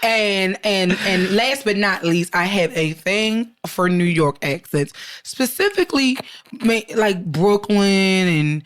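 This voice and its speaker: A woman's voice: medium pitch, lively intonation, takes it slowly, slight background noise. A woman co-hosting a podcast, chatting playfully and teasing with frequent laughter. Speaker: podcast co-host. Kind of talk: casual chat.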